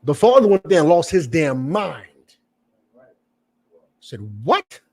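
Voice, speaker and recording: A man's voice: on the high side, lively intonation, brisk, gravelly, a little mellow. A man giving a fiery, profane preaching lecture, repeating points and questioning his listeners. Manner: emphatic, repetitive, profane; questions the audience directly. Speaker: preacher and teacher.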